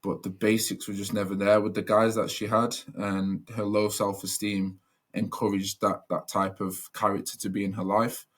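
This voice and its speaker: Earnest man, low flat voice. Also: normal speed. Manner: earnest, reflective, many fillers and restarts. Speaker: podcast guest. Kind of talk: personal storytelling.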